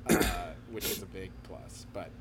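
A man's voice: sits low, fairly even intonation, moderate pace, heavy background noise. A man in a casual podcast chat, joking and sarcastic, sliding into other voices for the quotes he tells. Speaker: podcast co-host.

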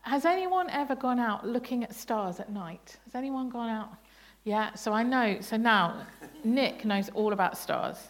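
A woman's voice: a little high, animated, a little slow, few pauses. Playful woman leading a church talk. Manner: playful, laughing, asks the congregation questions. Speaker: bible study leader. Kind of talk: interactive family sermon. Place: church service.

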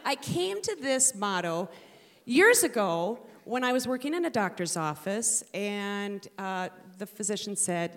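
A woman's voice: mid-range voice, lively intonation, unhurried, fairly bright tone. A middle-aged woman and mother telling a humorous personal story to an audience, with a playful, punchy delivery.

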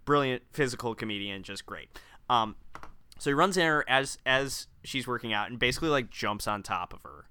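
A podcast co-host walking through a film's plot in casual chat, pausing on fillers and restarting lines. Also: mid-range voice, lively intonation, sharp tone, smooth, no echo. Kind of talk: casual chat recapping a film.

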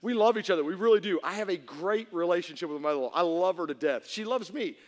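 A man preaching a humorous sermon to a congregation, telling stories in an animated way that swings from hushed to shouting. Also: sits high, quick pace. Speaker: pastor. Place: church hall before an audience. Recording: reverberant hall.

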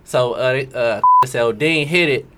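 A man's voice: medium pitch, moderate pace, very noisy. A man casually telling a long story in street slang to friends. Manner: laid-back slangy storytelling, slips into voices when quoting people.

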